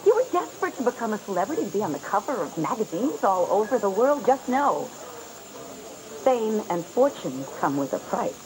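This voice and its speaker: A woman's voice: mid-range voice, big pitch swings, brisk, natural voice, low-quality recording. An actress playing a cold, scheming rich woman who talks down to others with cutting condescension, in TV soap opera style. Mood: taunting. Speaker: scheming villainess. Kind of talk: 1990s TV soap opera acting. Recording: TV audio with music underneath.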